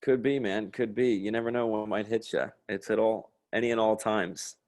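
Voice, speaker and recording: Laid-back lower-voiced guy in his late twenties. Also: steady tone, moderate pace, darkish tone. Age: late 20s. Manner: loose, profane, laughs often, lots of "like" fillers. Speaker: podcast guest, sketch comedian. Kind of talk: casual conversational storytelling.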